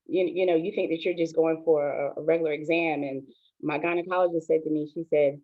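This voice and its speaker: Pastor lady in her 40s sharing her story over a call, low voice, lots of ums, thin phone-like sound. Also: steady tone, a little fast. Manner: soft-spoken, hesitant with many ums, earnest. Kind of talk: personal testimony on an online show. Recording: tinny phone-like line, dry.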